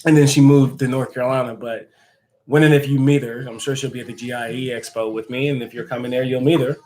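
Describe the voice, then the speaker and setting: A man's voice: medium pitch, steady tone, quick pace, darkish tone, a little hiss or hum, low-quality recording. A man hosting a casual live stream who answers viewer comments and laughs often. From United States. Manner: chatty and joking, laughs often.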